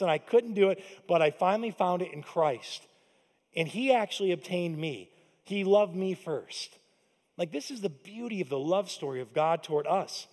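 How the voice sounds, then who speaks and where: A man's voice: high voice, a little mellow, big-room sound. A man preaching a sermon as pastor, conversational and emphatic, calling out questions to the audience. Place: church auditorium.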